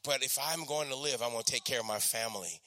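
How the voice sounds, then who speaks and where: A preacher voicing an elderly, stubborn grandmother who speaks low, slowly and resolutely. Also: pushed and bright, dry recording, natural voice. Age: over 60.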